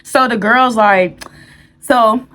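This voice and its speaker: A woman's voice: a little high, very slow, fairly bright tone. A woman telling a true story to the camera in a candid, rambling way, with fillers and restarts. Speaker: storyteller vlogger. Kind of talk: storytime vlog.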